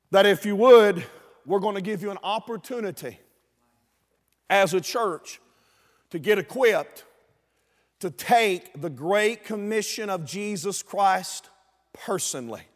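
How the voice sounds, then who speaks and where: A man preaching a sermon as pastor, emphatic and pleading, building to shouts. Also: high voice. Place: church auditorium. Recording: long reverb of a church auditorium.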